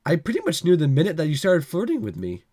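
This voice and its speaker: A man with a cold voicing an evasive teenage boy in a visual novel reading, speaking lower than his own voice. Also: wildly swooping pitch, fast, a little mellow. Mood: defensive. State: has a cold.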